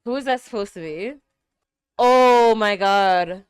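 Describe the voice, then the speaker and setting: A young woman reacting to an anime episode, exclaiming and gasping, swinging between hushed murmurs and loud outbursts. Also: mid-range voice, takes it slowly, clear, resonant tone, dry recording, clean studio sound. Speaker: reaction streamer.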